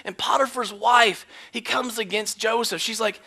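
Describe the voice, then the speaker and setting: A man preaching a sermon as pastor, swinging between loud emphasis and hushed whispers, acting out quoted lines in character voices. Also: high-pitched, steady tone, moderate pace. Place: church sanctuary.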